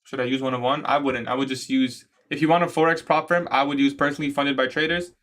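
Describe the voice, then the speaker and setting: A young man from Canada casually chatting on a trading livestream, answering viewer questions in a relaxed, slangy way. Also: mid-range voice, fast. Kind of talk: casual livestream chat reading comments.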